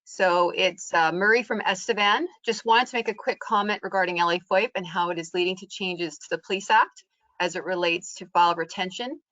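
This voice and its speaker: A woman's voice: on the low side, a little fast, a bit bright, no room sound. A woman moderating a webinar panel, reading out viewer comments and sharing her experience, with hesitant fillers. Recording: dry, muffled video call audio.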